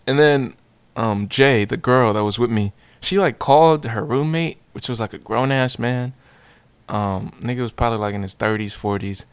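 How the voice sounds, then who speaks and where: A young man telling a personal story in a casual, slangy, animated way, repeating phrases. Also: medium pitch, normal speed, smooth, no room sound.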